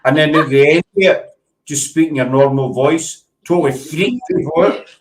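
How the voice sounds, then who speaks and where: A man's voice: on the high side, normal speed, crowd noise, poor audio. A man with a Scottish accent hosting a casual live-stream chat, teasing his guests. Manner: teasing, chatty. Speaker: host.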